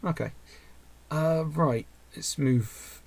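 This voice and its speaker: A man's voice: a little high, drawn-out words, gravelly, a little mellow, no echo. A young man hosting a casual podcast over a voice call, reading listener questions and rambling with frequent restarts.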